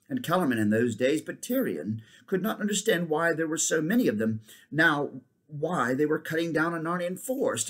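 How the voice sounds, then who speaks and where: A man reading a children's novel aloud, steady but with frequent restarts and slips. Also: medium pitch, slightly rough. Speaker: reader.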